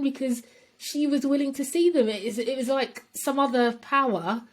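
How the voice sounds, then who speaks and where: Higher-voiced female co-host, animated and emphatic, casual conversation. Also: normal speed. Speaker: podcast co-host. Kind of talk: casual chat.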